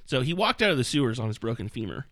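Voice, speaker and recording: Male host, bright tone, casual, mock-reads passages with laughs and fillers. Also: mid-range voice, sing-song, racing. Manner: mocking, laughing while reading, many fillers. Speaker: podcast host reading a book aloud. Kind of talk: casual chat, reading passages aloud.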